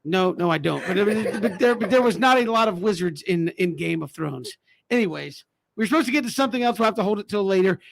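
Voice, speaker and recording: A male sports radio host with a fairly high voice welcomes listeners back and reads the show plugs. Between plugs he jokes along with the others in an amused tone, then pulls the talk back on track. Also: animated, fast, gravelly, a crowd in the background.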